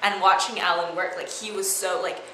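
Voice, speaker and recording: Brief: young woman, acting student, giggly rambling chat, bright voice, echoey room. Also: lowish voice, fairly even intonation, brisk. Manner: giggly, rambling with many fillers. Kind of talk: casual chat. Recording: echoey room with faint noise.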